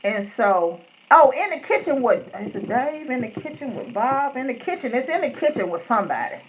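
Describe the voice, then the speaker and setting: Middle-aged woman, live-stream host, rambles and jumps between subjects, animated pitch. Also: normal speed, a little hiss or hum, low-quality recording. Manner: rambling, chatty, greets viewers by name. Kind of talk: casual chat.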